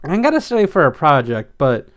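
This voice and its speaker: A man's voice: a little high, sing-song, normal speed. A man voicing an upbeat, encouraging teenage girl in a read-aloud story. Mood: thoughtful. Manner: reassuring, bright, upbeat.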